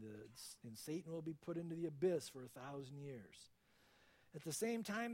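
Fervent preaching man, rather high voice. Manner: fervent, emphatic preaching with sudden loud peaks. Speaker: pastor. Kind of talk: verse-by-verse sermon.

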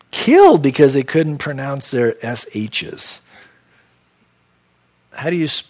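A San Diego man serving as pastor teaches verse by verse through a Bible passage, his voice at medium pitch. He sprinkles in conversational, folksy asides.

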